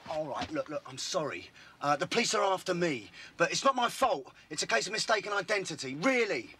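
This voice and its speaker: A man's voice: high voice, sing-song, sharp tone, a little hiss or hum, full character voice. An actor playing a nervous man on the run who speaks evasively and in a hurry. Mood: urgent. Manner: evasive, hurried. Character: nervous male fugitive hiding from police.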